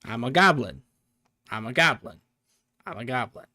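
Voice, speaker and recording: A man voicing a polite male raven-folk clerk in a tabletop game, speaking in a matter-of-fact, even way. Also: mid-range voice, normal speed. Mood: calm.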